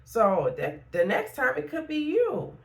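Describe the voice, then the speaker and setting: A woman's voice: sits high, huge pitch swings, unhurried. A middle-aged woman, a therapist and life coach, talking frankly in a casual motivational vlog and repeating points for emphasis.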